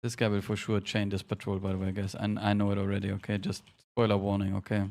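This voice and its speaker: Speaking quickly with a completely flat delivery, this streamer has a lowish, darkish voice. He's chatty and jokey with his viewers, self-deprecating, and directs his teammates as he plays live.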